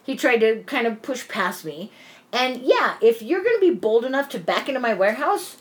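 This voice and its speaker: A woman's voice: on the high side, very animated, moderate pace. Rambling, profane woman telling a story. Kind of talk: casual chat.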